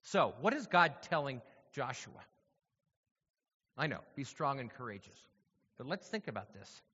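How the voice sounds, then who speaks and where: A man's voice: medium pitch, very animated, unhurried, sharp tone, slightly rough. Man, preacher, sermon, conversational teaching, long hall echo, muffled lo-fi. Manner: conversational teaching, checks in with listeners. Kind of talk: sermon with scripture reading.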